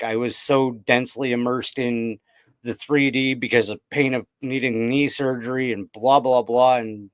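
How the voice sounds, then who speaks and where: A man's voice: mid-range voice, steady tone, normal speed, no echo. A man, a podcast guest, telling his personal story in a candid, loose way with frequent "like".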